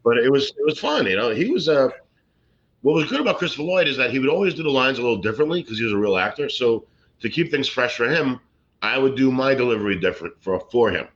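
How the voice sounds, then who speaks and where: A middle-aged man, a comedian telling rambling stories and deadpan jokes in a casual interview. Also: mid-range voice, fast. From Brooklyn, New York. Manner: rambling, joking, deadpan punchlines. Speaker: guest, comedian and actor. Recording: slightly muffled lo-fi recording.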